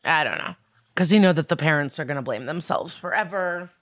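A woman's voice: sits low, animated, a little fast, dry recording, studio quality. A woman co-hosting a podcast, recapping a TV episode in casual chat, swearing freely and acting out the characters' lines. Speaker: podcast co-host.

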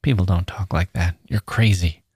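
A man reading the part of a frightened, defiant teenage girl, snapping back in sharp, scared retorts. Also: medium pitch, normal speed, no echo, studio quality, voice pushed up, close to an everyday voice.

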